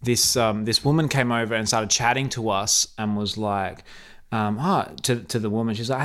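A man's voice: mid-range voice, fairly even intonation, normal speed, a bit bright. A man hosting a podcast, telling a story in casual chat with lots of fillers. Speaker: podcast host.

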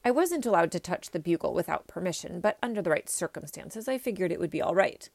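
Woman, reading a children's story aloud, expressive, gravelly voice, dry close sound. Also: lowish voice, fast talker, dry recording. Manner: expressive first-person storytelling. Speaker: reader.

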